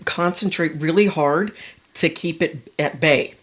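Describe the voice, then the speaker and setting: A woman's voice: low voice, a little slow. A woman hosting a podcast in casual chat, chatty and self-deprecating. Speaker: podcast host.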